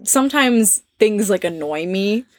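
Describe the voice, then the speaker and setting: A woman with an American accent, chatting casually as a podcast co-host in a camping trailer, animated, laughing often and acting out little quotes. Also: medium pitch, measured pace, dry recording. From United States. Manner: animated and laughing, tells stories with mock quotes. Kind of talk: casual chat.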